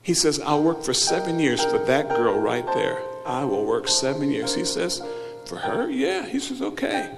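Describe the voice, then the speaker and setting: A man preaching a sermon as a bishop, acting out the people in his story and swinging from hushed asides to loud cries. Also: medium pitch, sing-song, moderate pace, vocal fry, hardly any pauses. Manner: acts out biblical characters, swings from hushed to shouting. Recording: live hall with loud music behind.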